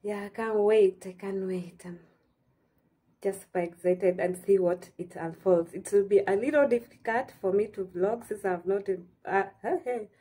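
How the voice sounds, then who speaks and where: Mellow-voiced Kenyan woman vlogging. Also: medium pitch, normal speed. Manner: chatty and heartfelt, mixing in Swahili phrases. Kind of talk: casual chat to camera.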